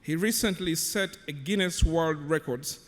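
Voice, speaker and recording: A man serving as emcee, formally reading out a speaker's introduction in a measured way. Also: a little high, a bit bright. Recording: long hall reverb.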